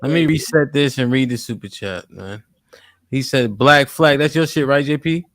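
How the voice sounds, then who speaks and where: A man's voice: medium pitch, fairly bright tone, no room sound, clean studio sound. Man host reading super chats aloud. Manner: reads donor messages quickly, asks guests direct questions. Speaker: livestream host. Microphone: studio microphone.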